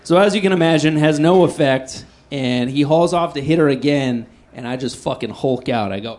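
A man performing stand-up, telling a story in a self-deprecating, animated way and swinging between loud outbursts and hushed asides. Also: a little high, moderate pace, very noisy. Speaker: stand-up comedian.

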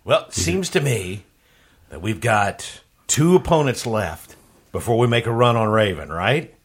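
A man's voice: on the low side, animated, a little slow, slightly rough. A man playing a tabletop game, eager and playful. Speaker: player.

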